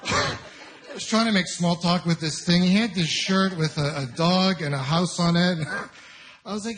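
A man's voice: sits high, moderate pace. A young man from Ontario doing a stand-up comedy set, telling stories animatedly and quoting people in different voices. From Ontario, Canada. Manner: animated storytelling with quoted voices and audience laughter.

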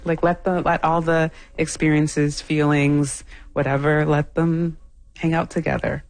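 A woman co-hosting a podcast interview, asking reflective, gently probing questions. She speaks in a relaxed, conversational way. Her voice sounds close and dry. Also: low voice, a little slow, no echo. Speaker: podcast co-host.

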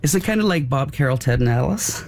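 A man's voice: medium pitch, vocal fry, darkish tone, slight background noise. A male radio host talking into a studio microphone. He chats casually with a guest and laughs often, sounding a bit short of breath. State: slightly out of breath.

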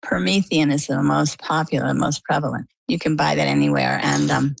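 A woman with a heavily gravelly, creaky voice tells her own story in a relaxed interview. She talks animatedly and slips into quoted dialogue. The sound is dry and close. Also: deep voice, moderate pace, no room sound, rough recording. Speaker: guest sharing a personal health story. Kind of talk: conversational interview answers.

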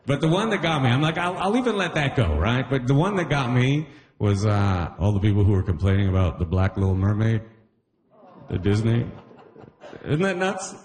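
A man performing a stand-up comedy set at a live venue, animated, with quick put-on voices for bits. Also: mid-range voice, long reverb tail. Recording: live room with clear ambient noise.

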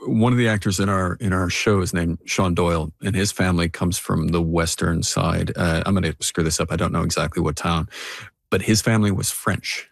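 A man's voice: low voice, steady tone, brisk, vocal fry, no echo, clean studio sound. A middle-aged man, an actor being interviewed, talking thoughtfully and sometimes searching for words. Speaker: actor guest. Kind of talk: interview conversation.

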